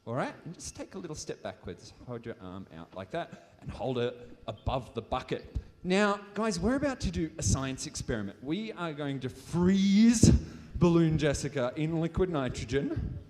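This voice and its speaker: This Australian presenter's voice is fairly high and darkish, swinging widely in pitch as he talks at a moderate pace with few pauses. He's doing a live science show on stage in a big hall full of people, teasing a volunteer and the audience, and the room reverberates.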